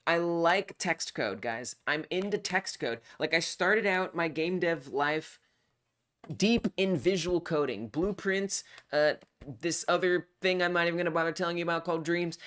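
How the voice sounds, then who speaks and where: A game developer on a live coding stream, thinking aloud while debugging, excitable and self-talking. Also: mid-range voice, moderate pace.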